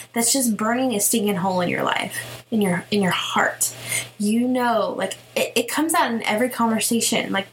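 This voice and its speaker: Upbeat mom-podcast lady giving a pep talk, medium pitch, slight background noise. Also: low-quality recording. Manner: energetic, emphatic, chatty with sudden sung bits. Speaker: podcast host. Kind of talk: motivational podcast monologue.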